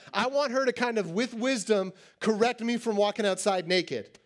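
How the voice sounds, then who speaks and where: A man in his thirties preaching to teens in a joking, animated way, acting out little scenes. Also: high voice, moderate pace. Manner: animated, joking, acts out quotes. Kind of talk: sermon to teens.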